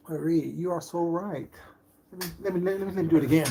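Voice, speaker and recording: A man's voice: on the high side, normal speed, pauses often, dark tone, slight background noise. A middle-aged man in a casual live-stream chat as a food vlogger, talking in a sassy, boastful, flamboyant way.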